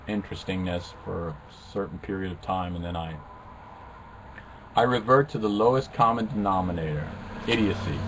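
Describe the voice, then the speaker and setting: A man's voice: on the low side, background noise. A man hosting a live webcast, chatting casually and reading viewers' comments with a flippant, self-mocking humor. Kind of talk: casual rambling chat with viewers.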